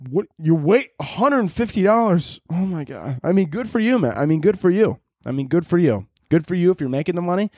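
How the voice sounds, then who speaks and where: A young man hosts a casual podcast, swearing freely and rambling as he acts out imagined conversations. His voice sits somewhat high for a man and jumps higher when he gets worked up. The sound is dry and close, with no room echo. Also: fast. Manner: profane, animated, rambling, acts out imagined dialogue. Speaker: podcast host. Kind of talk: casual comedic podcast rant.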